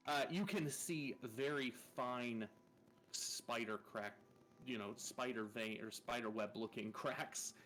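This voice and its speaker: A man's voice: medium pitch, slow pace, fairly bright tone, slight background noise. A man narrating a tabletop game as game master in a loose, casual way, swearing and laughing between rules calls.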